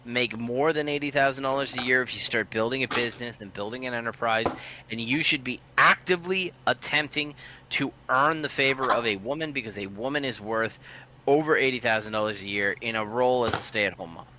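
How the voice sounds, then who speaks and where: A man's voice: medium pitch, fairly quick, dull audio, background noise. A man telling a long, profane story in casual podcast chat. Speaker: podcast co-host.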